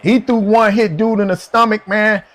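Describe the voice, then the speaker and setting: A man's voice: high voice, fairly even intonation, moderate pace, fairly bright tone. A man, livestreaming a football video game and ranting casually and profanely. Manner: profane, rambling, laughing rants. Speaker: gaming livestreamer.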